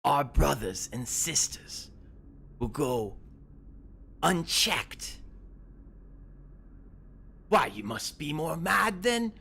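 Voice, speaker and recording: Furious armored warlord, shrieky and way high, yelling and cussing at the party, sneering. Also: male voice, wildly swooping pitch, slow, creaky, pauses often, full character voice. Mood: threatening. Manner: shouting, sneering, profane. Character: angry red-armored male warband leader, loud and scornful.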